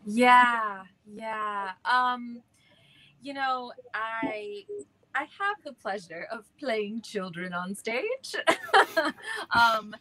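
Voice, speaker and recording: A woman in her thirties speaks on a live online panel, her voice bright and a little high. She talks earnestly and openly, circling back with many fillers as she searches for the right words. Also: animated, drawn-out words, low-quality recording. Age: 30s. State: emotional, near tears. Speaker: actor in the play. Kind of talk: live virtual panel talk.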